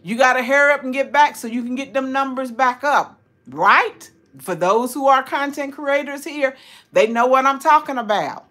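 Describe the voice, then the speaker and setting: A woman's voice: high-pitched, normal speed, fairly bright tone. An older woman from Tennessee with a Southern accent, praying and chatting with viewers on a livestream, repeating words for emphasis. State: recovering from hip surgery. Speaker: YouTube channel host. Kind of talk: livestream prayer and chat with viewers.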